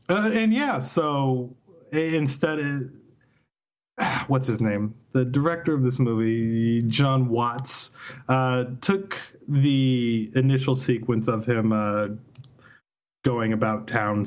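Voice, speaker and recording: A man co-hosting a casual podcast about a film, easygoing and quick to laugh. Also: mid-range voice, muffled recording. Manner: laughs often, easygoing and amused. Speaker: podcast co-host.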